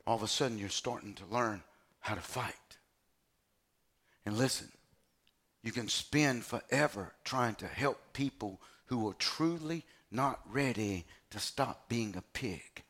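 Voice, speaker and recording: A man preacher delivering a sermon, swinging between shouting and hushed tones, calling the congregation to respond. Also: mid-range voice, unhurried.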